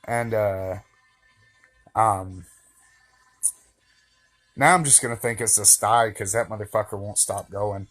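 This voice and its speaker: A man's voice: fairly low pitch, takes it slowly, pauses often, fairly bright tone, soft background music. A man vlogging a casual, meandering monologue to camera, full of fillers and joking asides but candid and reflective.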